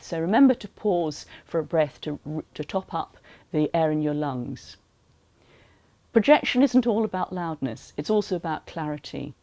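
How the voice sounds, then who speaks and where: Woman giving calm practical voice tips to teachers, lowish mellow voice, dry sound. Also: no echo. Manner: calm, explanatory, practical advice. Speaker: voice health advisor for teachers. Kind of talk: educational talk.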